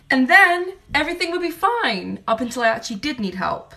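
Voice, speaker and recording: A woman's voice: high-pitched, sing-song, brisk, hardly any pauses, sharp tone, far from the mic. A woman makeup artist telling a casual storytime, playful and acting out dialogue.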